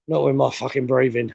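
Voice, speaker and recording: A breathless middle-aged man with a gravelly, creaky voice, rambling bluntly and swearing as he trudges up a hill. He is recorded outdoors on a phone, with a close, dry sound. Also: medium pitch, darkish tone, dry recording, dull audio. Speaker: vlogger. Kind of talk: casual walking vlog. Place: outdoors on a steep hill road.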